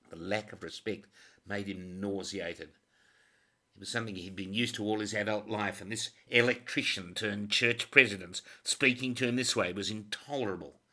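A man reading a crime novel as scripted audiobook narration, measured and dramatic. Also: on the low side, bright, forceful tone.

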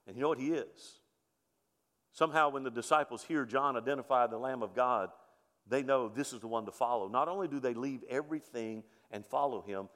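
A middle-aged man preaching a sermon as pastor, rising to emphatic points and dropping low and soft to tell stories. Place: church sanctuary. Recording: long reverb of a church sanctuary.

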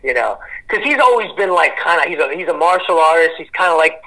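A man in his forties tells a long story as a podcast guest. His voice is bright and forceful, sitting a little high. He rambles and swears freely in an animated, casual way. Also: fast, low-quality recording.

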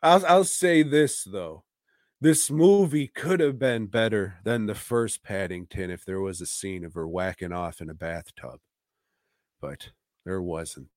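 A man's voice: sits low, measured pace, no room sound, clean studio sound. A man co-hosting a podcast, chatting casually about movies in a rambling, profane way and chuckling between his points. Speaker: podcast co-host.

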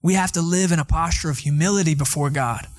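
A young pastor from Atlanta delivers a sermon, slipping into casual stories. His voice sits a little high for a man, and he speaks in an animated, conversational way. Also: fast talker. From Atlanta, Georgia.

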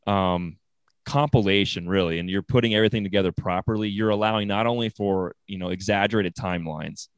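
Matter-of-fact low-voiced man, dry. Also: a little fast, smooth, no room sound. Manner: matter-of-fact, explains construction terms plainly, frequent short agreements. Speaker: construction professional co-host. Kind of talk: casual conversation.

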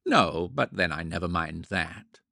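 A man reading as an earnest young painter, wryly self-mocking and mock-solemn in a storybook. His low voice carries a gravelly, husky grain and moves expressively in pitch. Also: expressive, measured pace, sharp tone, no room sound, studio quality, exaggerated voice.

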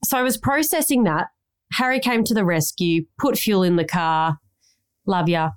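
A woman's voice: on the low side, normal speed, smooth. An Australian woman podcast host, rambling through a long story in casual chat and swearing now and then.

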